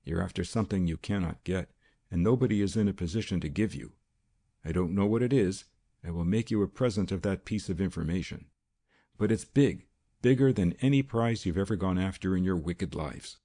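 Man doing a cool quiet vigilante, deep dark voice, slow and sure. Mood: stern. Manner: quiet, measured, confident. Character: calm, stern male vigilante, quietly menacing.

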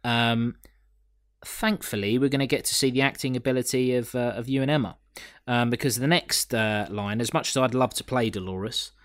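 A man's voice: mid-range voice, normal speed, fairly bright tone, dry recording, clean studio sound. A man hosting a podcast, chatting casually and joking with lots of fillers while reviewing an episode. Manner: lots of fillers, jokey, swears. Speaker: podcast host.

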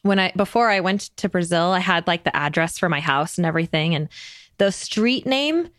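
A woman's voice: lowish voice, expressive, normal speed, a bit bright, dry recording, studio quality. A woman hosting a podcast in casual conversation, playful and chatty. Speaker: podcast host.

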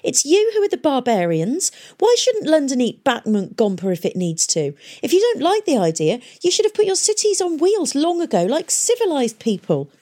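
A woman reading an audiobook, voicing a hot-headed teenage boy who shouts in outrage. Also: extremely high pitch, very animated, moderate pace, few pauses, pitched above the performer's own voice. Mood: outraged. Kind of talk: audiobook character voice.

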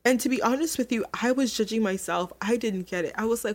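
A woman's voice: fairly high pitch, fast talker. Young adult woman, podcast host, candid personal storytelling, emotional, talks with many restarts.

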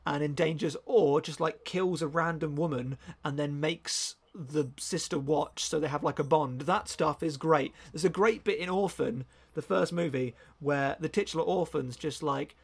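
A man chatting casually on a podcast, his rambling, enthusiastic talk full of restarts and self-corrections. His voice sits a little high for a man and has a gravelly edge. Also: moderate pace, hardly any pauses. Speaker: podcast co-host. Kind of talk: casual chat.

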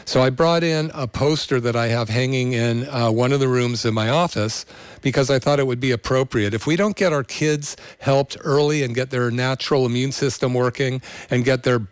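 A middle-aged man speaks earnestly, stumbling over fillers and restarts as he recounts a case. His voice sits at an ordinary pitch for a man. It is recorded close and dry, with almost no room sound. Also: no room sound. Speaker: chiropractor. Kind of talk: storytelling to an audience.

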